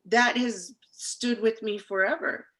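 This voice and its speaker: A middle-aged woman, a labor organizer, telling her story as an interview guest in a lively, emotional way, with many pauses and fillers. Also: fairly high pitch. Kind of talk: conversational storytelling.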